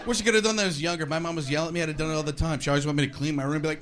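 A man's voice: on the high side, very fast, few pauses. A man doing a sarcastic stand-up comedy routine, acting out voices along the way. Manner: sarcastic, animated, acts out voices. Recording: noisy live show recording.

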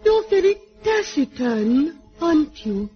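An actress playing an amateur actress who delivers melodramatic heroine lines in a stagey way. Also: female voice, high voice, sing-song, slow, over loud music, heavily acted. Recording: dull lo-fi broadcast audio.

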